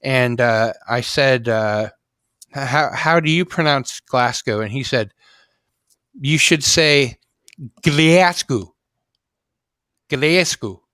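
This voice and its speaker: A man hosting a casual late-night chat show, speaking slowly with many fillers. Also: mid-range voice, bright, forceful tone, clean tone, no room sound, studio quality. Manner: slow and halting, many fillers like uh and you know. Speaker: host.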